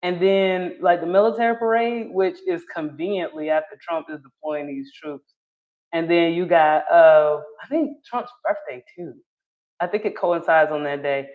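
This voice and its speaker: A woman's voice: fairly low pitch, moderate pace. A woman from North Carolina, hosting a livestream. She chats casually, answers viewer comments and laughs often. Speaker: livestream host reading chat. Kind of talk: casual opinion chat. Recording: dull lo-fi stream audio.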